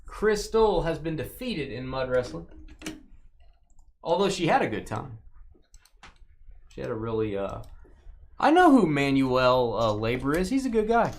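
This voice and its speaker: A man's voice: medium pitch, very animated, a little slow, pauses often. A man hosting a live card break stream, reading out cards and teasing his viewers and co-host in a joking, rambling way.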